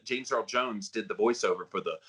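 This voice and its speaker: A man with a baritone voice hosting a podcast interview, chatty and rambling. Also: brisk, a bit bright. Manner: chatty, rambling, with frequent fillers. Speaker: podcast host.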